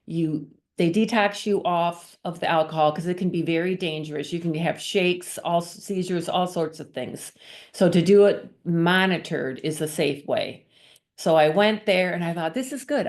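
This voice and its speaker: A woman's voice: low-pitched, gravelly. A middle-aged woman giving an earnest personal testimony, acting out her past thoughts and conversations as she tells the story. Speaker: guest sharing her testimony.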